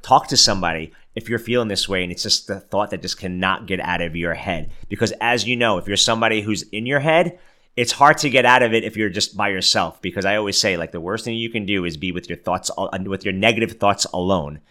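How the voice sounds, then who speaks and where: Deep-voiced guy in his 30s, chatty motivational podcast talk, bright edge, lots of "like". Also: brisk. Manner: chatty, many "like" fillers, self-mocking. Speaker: podcast host. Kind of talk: casual motivational monologue.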